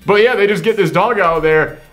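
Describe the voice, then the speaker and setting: Higher-voiced man ranting about a movie. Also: brisk, faint music behind. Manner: animated, swears freely, sarcastic. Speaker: host. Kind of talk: casual movie reaction chat.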